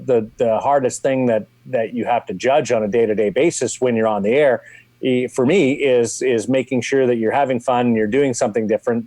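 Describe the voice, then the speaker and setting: A man's voice: medium pitch, dark tone, no room sound. A man from Canada, a hockey TV host, telling a story in a casual, rambling way with lots of restarts. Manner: rambling, many restarts and fillers.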